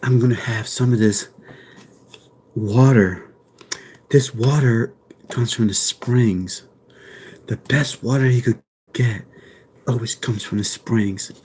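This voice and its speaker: A man voicing a hushed male ASMR presenter in a whispered role-play, with a soft whispery murmur and slow, drawn-out, mock-solemn delivery. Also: mid-range voice, slightly rough, voice pushed down. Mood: soothing.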